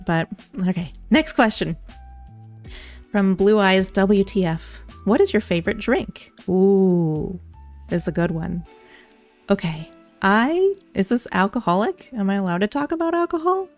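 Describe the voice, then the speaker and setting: Over faint background music, a young VTuber streamer casually takes viewer questions on a studio condenser mic. She sounds bubbly, giggly and self-deprecating, with a mid-range, animated voice at a measured pace.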